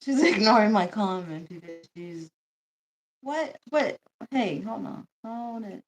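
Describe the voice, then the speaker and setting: A woman's voice: mid-range voice, expressive, takes it slowly. A young woman from the United States hosting a casual livestream chat, blunt and joking, laughing often and swearing freely. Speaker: livestream host.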